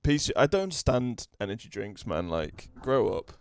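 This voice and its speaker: A podcast co-host chatting wryly and laughing often. His voice is smooth and clear, and the close mic sounds dry. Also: mid-range voice, sing-song, moderate pace, no room sound. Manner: wry, laughing easily. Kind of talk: casual chat.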